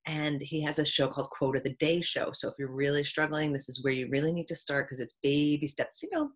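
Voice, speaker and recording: Woman thinking out loud, kinda husky and low, earnest, does little voices when she quotes people. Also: brisk. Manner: earnest, acts out quoted voices in jumps of pitch. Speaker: teacher sharing opinions. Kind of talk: casual reflective monologue.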